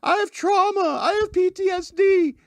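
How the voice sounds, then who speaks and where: A man mimicking a shrill whining woman arrestee. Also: dry recording. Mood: mocking shrill. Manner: mocking, high-pitched, drawn-out.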